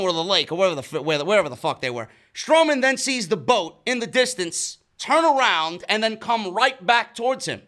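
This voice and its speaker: A man's voice: sits high, pushed and bright. A man casually recapping a wrestling show, swearing often, stumbling over his words and sounding exasperated.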